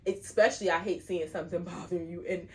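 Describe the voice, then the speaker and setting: A woman co-hosting a podcast, speaking gently and supportively to her partner, a little halting. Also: fairly low pitch, steady tone. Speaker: podcast co-host. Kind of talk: casual chat.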